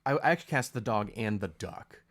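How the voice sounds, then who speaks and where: A man co-hosting a podcast in casual chat, relaxed and hesitant with many fillers. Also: lowish voice, fairly quick. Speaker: podcast co-host.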